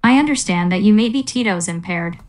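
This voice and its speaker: A woman delivering a scripted satirical interview in a deadpan, mocking tone. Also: medium pitch, fairly quick. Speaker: mock interviewer.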